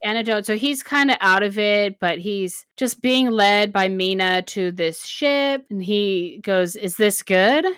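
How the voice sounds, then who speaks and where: Expressive woman with a smooth, dry voice. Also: mid-range voice, measured pace, hardly any pauses, no echo. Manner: expressive, reading quotes with feeling. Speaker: podcast co-host recapping a book. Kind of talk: casual chat retelling a story.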